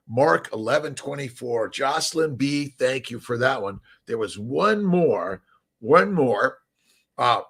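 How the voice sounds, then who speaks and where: A man's voice: mid-range voice, animated, slow pace, a bit bright, breathy edge. A middle-aged man from Southern California hosting a casual morning livestream, upbeat and rambling, greeting viewers by name. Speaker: livestream host.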